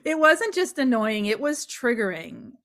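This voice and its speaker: Woman guest, fairly high voice, animated storyteller, laughs easily. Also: measured pace. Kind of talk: casual chat.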